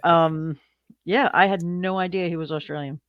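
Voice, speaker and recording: Man, slightly high voice, casual podcast chat, agreeable, dull muffled audio. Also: fairly even intonation, moderate pace, clear, resonant tone, no room sound. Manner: agreeable, short backchannel replies. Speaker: podcast co-host. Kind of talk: casual movie review chat.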